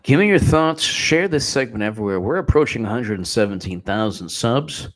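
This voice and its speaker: A man's voice: medium pitch, expressive, fairly quick. A man hosting a casual political livestream, who thanks his viewers at length in an effusive way.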